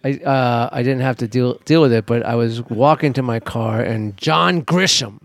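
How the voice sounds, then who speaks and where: A man co-hosting a podcast, telling stories in a casual, animated way and swearing freely. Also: mid-range voice, normal speed, vocal fry, no room sound. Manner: profane, animated, laughing while telling stories. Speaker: podcast co-host. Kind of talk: casual storytelling chat.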